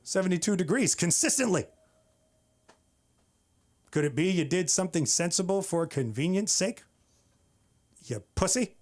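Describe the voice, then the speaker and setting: Male comic, slightly raised pitch, wry exasperated club-stage delivery. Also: lively intonation, moderate pace, long pauses. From San Francisco Bay Area. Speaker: stand-up comic. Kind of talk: open-mic stand-up set.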